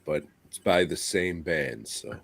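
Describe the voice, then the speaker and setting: A man's voice: deep voice, unhurried, vocal fry, a bit bright. A man co-hosting a podcast, ranting crudely and swearing constantly in casual chat. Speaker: podcast co-host.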